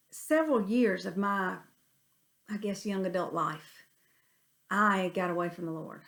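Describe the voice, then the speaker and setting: A middle-aged woman leads a Bible study. She speaks earnestly and with animation, weaving in folksy stories and asides, in a voice of ordinary middle pitch. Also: a bit bright.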